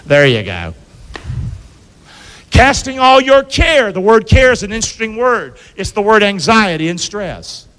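Male pastor, high voice, call-and-response sermon, long church reverb. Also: very animated, measured pace, a bit bright, clear, resonant tone. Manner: call-and-response preaching, asks congregation to repeat. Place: church sanctuary.

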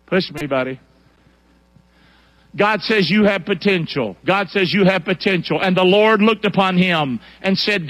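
A male pastor preaching a lively sermon in a church, colloquial and fiery, calling on the congregation to repeat after him. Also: high voice, normal speed.

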